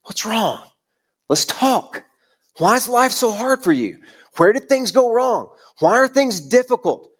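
A man, preaching a sermon, voicing God as a tender father who gently asks questions and pleads. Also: very high-pitched, big pitch swings, measured pace, pitched above the performer's own voice, heavily acted. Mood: tender, coaxing.

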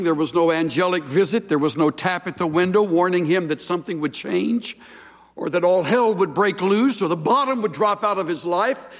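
Male preacher, emphatic sermon delivery, unhurried, recorded in a large echoing hall. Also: fairly high pitch. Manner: measured, emphatic pulpit delivery.

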